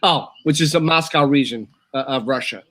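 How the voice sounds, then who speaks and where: A man co-hosting a casual talk show, chatty and eager, sometimes reading aloud haltingly. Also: fairly high pitch, a bit bright. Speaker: co-host. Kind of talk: casual chat.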